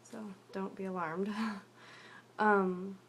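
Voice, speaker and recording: Quiet, rambling young woman confiding. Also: medium pitch, flat delivery, takes it slowly, slight background noise. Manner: rambling and confessional, frequent fillers, often drops to a quiet mutter. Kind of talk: personal video diary, candid storytelling.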